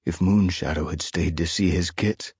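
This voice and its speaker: A male audiobook narrator voicing a gentle, caring gray male cat hero who speaks warmly and earnestly. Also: sits low, steady tone, moderate pace, husky, no room sound, clean studio sound.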